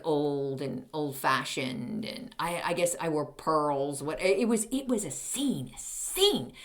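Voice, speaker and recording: Snarky animated woman telling a story. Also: fairly low pitch. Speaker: podcast host. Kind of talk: comedic storytelling monologue.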